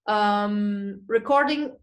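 A woman with a mid-range voice speaks very slowly while presenting a live webinar Q&A, reading audience questions aloud and answering chattily with lots of fillers. She's recorded on a small video mic or phone.

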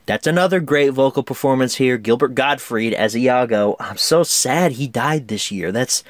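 A man's voice: mid-range voice, normal speed, dry recording. A man giving a casual, chatty film review, enthusiastic and laughing often.

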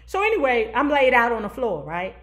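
A woman vlogger telling a funny story while doing her makeup, sassy and animated, drawing out words for drama and often checking in with her viewers. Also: on the high side. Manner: sassy, animated storyteller who keeps asking the audience "you heard me?"; dramatic emphasis with drawn-out words.

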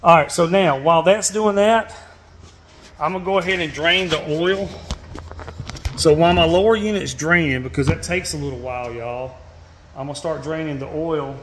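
Man with a Georgia drawl, slightly high. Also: moderate pace, background noise. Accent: Southern US (Georgia). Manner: folksy, says "y'all" often, many fillers and restarts. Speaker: fishing channel host. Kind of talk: casual how-to demonstration.

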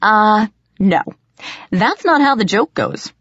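A woman's voice: lowish voice, sing-song, moderate pace, dry recording, muffled recording. A woman voicing a cocky, teasing teenage boy fairy trickster in an audiobook, breezy and grinning. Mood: amused. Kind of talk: audiobook character voice.

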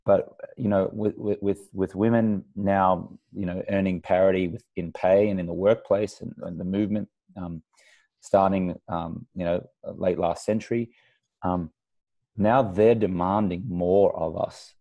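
A man's voice: deep voice, fairly even intonation, unhurried, dark tone, lo-fi sound. A man with an Australian accent hosting a podcast interview, thinking aloud with frequent restarts and fillers. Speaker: podcast host. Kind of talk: conversational interview.

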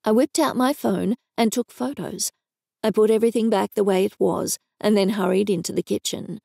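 An Australian woman narrating a story in first person on a close microphone, in a wry, even manner. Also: medium pitch, moderate pace, creaky, no room sound. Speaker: audiobook narrator.

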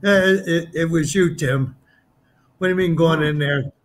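Older man, higher voice, second guest who ribs his bandmate. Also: normal speed, slight background noise. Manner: teasing interjections. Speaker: former band member guest.

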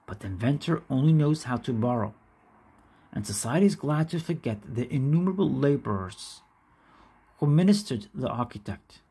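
A woman reads an old essay aloud at an unhurried pace. Her voice is husky with a gravelly edge, and her pitch rises and falls a lot. She goes carefully and restarts when a difficult name trips her up. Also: mellow. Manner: careful, stumbles and restarts on hard names. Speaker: reader. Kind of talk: reading a classic essay aloud.

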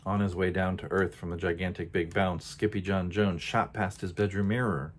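A man reading a children's picture book aloud in an expressive, unhurried storytelling manner. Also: sits low, a little hiss or hum. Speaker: storybook reader.

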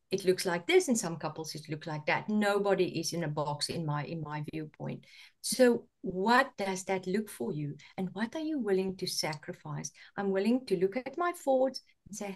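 Earnest woman coach giving marriage advice. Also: medium pitch. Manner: earnest, repeats words while explaining. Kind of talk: talk show advice.

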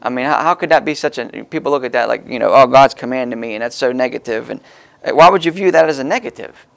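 A man's voice: mid-range voice, fast talker, vocal fry. A man preaching a sermon in a folksy, conversational way, stressing key words as he explains the text.

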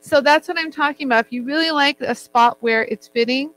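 A woman's voice: sits high, brisk, a bit bright, poor audio. A woman teaching jewelry making in a casual, chatty way, joking with her crew as she works. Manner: chatty, jokey, laughs often. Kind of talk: casual demo chat. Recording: faint mains hum.

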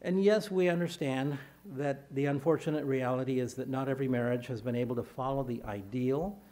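Reading scripture aloud, this pastor raises his voice, though otherwise he preaches in measured phrases. His voice sits in the mid range with a somewhat dark tone.

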